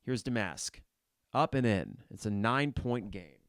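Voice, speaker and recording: A man's voice: lowish voice, lively intonation, unhurried, no echo, clean studio sound. A man hosting a sports podcast, reacting live to a basketball game with blunt, frustrated commentary and casual swearing. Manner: blunt and frustrated, shouts at players.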